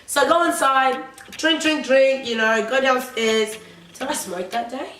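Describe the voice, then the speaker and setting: A woman's voice: high voice, measured pace, fairly bright tone, far from the mic. Young woman, casual storytime, swears and rambles, echoey room, faint background noise. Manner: rambling, profane, filler-heavy. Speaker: vlogger.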